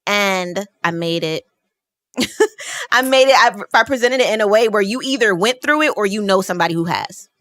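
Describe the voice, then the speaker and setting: Bright-voiced woman chatting, dry studio sound. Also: mid-range voice, lively intonation, normal speed, dry recording. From New Jersey. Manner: chatty, laughs often while talking. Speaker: podcast guest. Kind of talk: casual podcast chat. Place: podcast studio.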